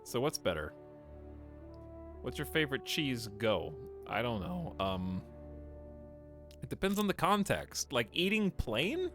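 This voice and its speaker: A man's voice: mid-range voice, sing-song, unhurried, long pauses, over music. A man streaming a game live, rambling casually to his chat as he plays. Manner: rambling, talks to chat while playing.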